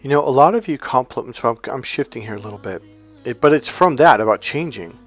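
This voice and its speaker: Calm, soothing male life coach. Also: medium pitch, soft background music. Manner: calm, soothing, unhurried delivery; addresses viewers directly as coach. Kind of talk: motivational self-help talk.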